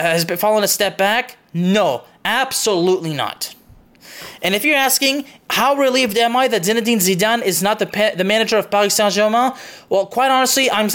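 A man's voice: high voice, fairly bright tone. A young man hosting his own soccer show, delivering an impassioned opinion monologue, emphatic and repetitive, stopping for "okay?" and swearing.

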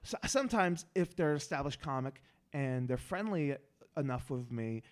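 A young man, a stand-up comedian, chatting casually on a podcast, animated and often restarting his words. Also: mid-range voice, normal speed.

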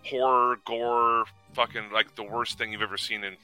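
A man's voice: mid-range voice, level tone, normal speed, pushed and bright, clean tone, faint music behind, rough recording. A man in a casual chat who rambles, swears and trails off.

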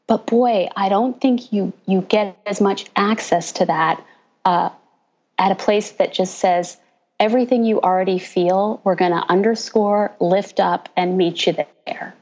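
Woman pastor chatting on a podcast, lively storyteller, kinda dull lo-fi sound. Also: mid-range voice, a little slow. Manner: animated storytelling, mimics people she quotes. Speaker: pastor and author, podcast guest. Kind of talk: casual interview chat.

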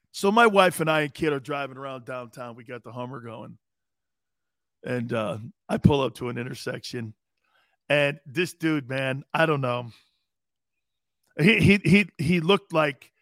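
A man hosting a sports talk radio show, telling rambling, animated stories with sudden loud bursts. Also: on the high side, no room sound, clean studio sound.

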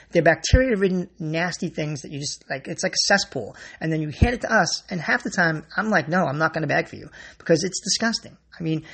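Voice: mid-range voice, creaky, fairly bright tone, breathy edge. A grocery store worker giving a blunt, exasperated rant to the camera and swearing freely. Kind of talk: ranting monologue to camera.

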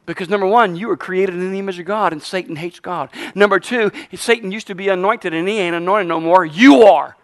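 A man's voice: high-pitched, fairly quick, few pauses, no echo. A man preaching a sermon as pastor in a church, fiery, leading the congregation in call-and-response and tossing in jokes.

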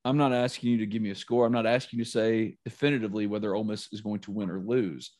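A middle-aged man hosting a casual sports podcast, telling stories animatedly with dramatic, shouted re-enactments. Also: fairly low pitch, fairly even intonation, fast talker. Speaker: podcast host.

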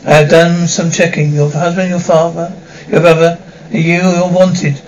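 An actor playing a greedy French hotel waiter who is blackmailing guests, with a French accent and oily, polite, halting phrasing, in 1950s TV drama style. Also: male voice, fairly high pitch, level tone, a little mellow, slight background noise, low-quality recording. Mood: smug threatening.

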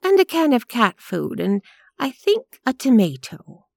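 A woman voicing a prim, quietly disapproving elderly lady in an audiobook reading. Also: on the high side, wildly swooping pitch, unhurried, creaky, no room sound, studio quality, voice pushed up, exaggerated voice. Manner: genteel, precise, quietly disapproving. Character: prim, gently sharp-tongued elderly woman.

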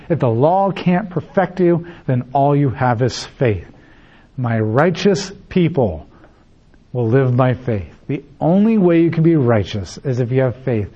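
A man's voice: medium pitch, dark tone, husky. Emphatic preacher man, lo-fi recording. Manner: emphatic preaching with repeated phrases and acted-out dialogue. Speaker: pastor. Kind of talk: sermon.

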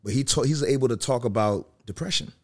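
A man's voice: medium pitch, fast talker. A man being interviewed as a musician, explaining his ideas earnestly with examples. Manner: earnest, explains with examples, often says "you know what I mean". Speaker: musician guest. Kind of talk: interview talk.

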